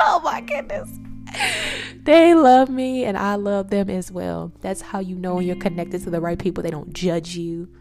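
Low-voiced woman preaching self-healing over guitar. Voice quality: emphatic, swings between hushed and loud. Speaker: podcaster sharing personal testimony. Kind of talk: unscripted motivational monologue. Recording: guitar music playing under voice.

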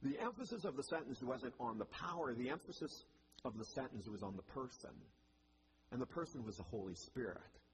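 A man's voice: mid-range voice, very animated, fairly quick, background noise. A male pastor giving a sermon in a church, with a conversational manner and wry asides.

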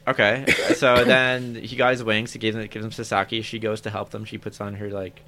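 A young man with a fairly low voice talks through an anime episode in a loose, rambling way. He leans on "um" and "like" as he goes, in easy podcast chat. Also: flat delivery, fairly quick, sharp tone, a little hiss or hum. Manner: rambling recap full of "um" and "like". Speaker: podcast co-host. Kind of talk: casual anime recap chat.

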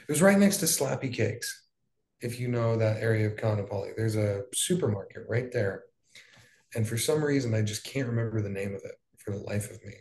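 A man's voice: on the low side, animated, a little fast, darkish tone. A young man from Hawaii telling his story in casual, rambling talk, full of fillers and swearing. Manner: loose, profane, rambling with fillers. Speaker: wildfire survivor guest. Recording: echoey room.

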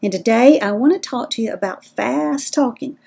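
A woman's voice: a little high, expressive, moderate pace, creaky, warm tone, breathy edge. A middle-aged woman with a Southern American accent, hosting a podcast in a folksy, chatty way. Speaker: podcast host. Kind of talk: casual podcast talk.

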